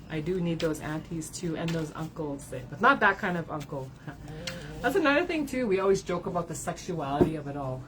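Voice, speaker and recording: A woman with a fairly low voice is heard on a low-quality recording with slight background noise. A card reader and spiritual advisor, she gives her followers an emotional livestream reading, speaking frankly, swearing, often ending lines with "right?", and at times close to crying.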